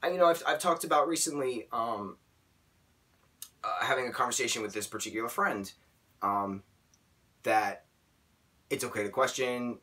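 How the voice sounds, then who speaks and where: A man in his late twenties with a bright, forceful voice rambles emotionally through a casual vlog, restarting sentences as he goes. He sits a little back from the mic. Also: medium pitch, normal speed, pauses often, far from the mic. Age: late 20s. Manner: emotional, rambling, self-correcting. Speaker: vlogger.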